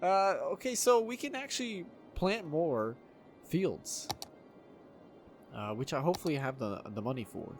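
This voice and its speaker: A man casually commentating his own city-building game, excitable, swearing freely and laughing often. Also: a little high, measured pace, soft background music. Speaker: gameplay video host. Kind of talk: casual let's-play commentary.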